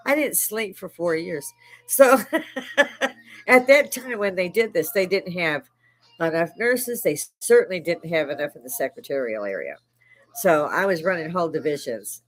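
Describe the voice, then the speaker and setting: An older woman from Chicago chats on a live stream in a salty, profane way, breaking into laughs often. Her voice sits somewhat low, and faint music plays underneath. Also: expressive, unhurried, poor audio. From Chicago, United States. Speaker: live stream host, army veteran. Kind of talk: casual live stream chat.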